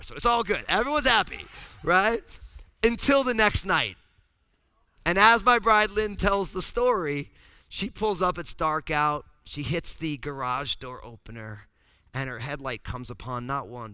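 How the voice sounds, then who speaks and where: A pastor from New Jersey telling a funny family story in a sermon, acting out the voices of the people in it. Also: male voice, mid-range voice, clear, resonant tone, dry recording. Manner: animated, acts out voices in his story.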